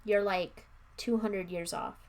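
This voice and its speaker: Woman reading a kids horror book on stream, lots of vocal fry, chatty asides. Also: medium pitch, steady tone, takes it slowly. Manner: casual asides, plain narration with slips and restarts. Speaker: livestream book reader.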